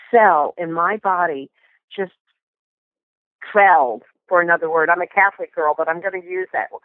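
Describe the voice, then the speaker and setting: An older woman, a guest in an interview, tells lively anecdotes and often restarts her sentences. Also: on the low side, no room sound. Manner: animated anecdotes with many restarts. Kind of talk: storytelling interview. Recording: tinny phone line.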